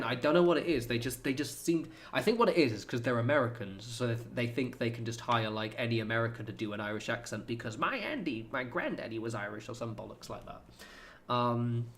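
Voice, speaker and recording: A man's voice: medium pitch, animated, brisk, a bit bright, slight background noise. A man streaming a game, chatting casually in a rambling, sweary way with lots of fillers. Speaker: gaming streamer. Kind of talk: casual chat while playing.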